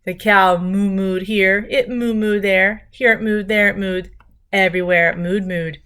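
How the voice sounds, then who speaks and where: A woman reading a picture book aloud to children, gently pausing to talk to her young listeners about the pages. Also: medium pitch, fairly even intonation, clean tone.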